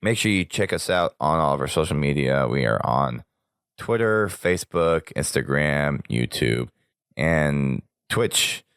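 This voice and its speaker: A sick, hoarse man hosting a podcast, rambling casually through news and sign-off plugs. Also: very deep voice, animated, a little slow, a bit bright, no room sound, clean studio sound. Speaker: podcast host.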